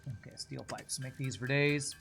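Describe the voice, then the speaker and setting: A young adult man streaming a game, chatting casually and thinking out loud as he plays. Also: mid-range voice, vocal fry, slightly rough. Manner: chatty, thinks aloud, quick laughs. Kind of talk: casual gameplay commentary.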